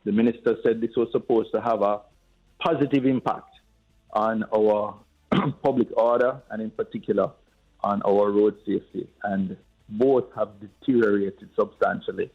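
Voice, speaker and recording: Gravelly-voiced man on a dull line. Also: on the low side, steady tone. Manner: measured, hesitant, with many fillers. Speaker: politician guest. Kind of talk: phone-in radio interview.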